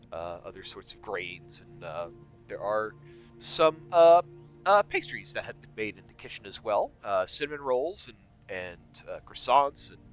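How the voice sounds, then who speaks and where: A man's voice: lowish voice, a bit bright, clean tone. A man running a tabletop game as game master, rambling with many fillers as he describes the scene. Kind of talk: narrating and voicing a tabletop game. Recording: dull lo-fi sound with faint music.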